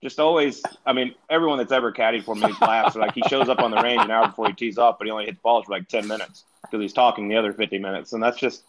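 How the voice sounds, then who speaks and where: A man's voice: fairly low pitch, fairly even intonation, quick pace, hardly any pauses, slight background noise, low-quality recording. A middle-aged man, a retired golfer as podcast guest, telling stories in a chatty, laid-back way and laughing along. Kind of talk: casual podcast storytelling.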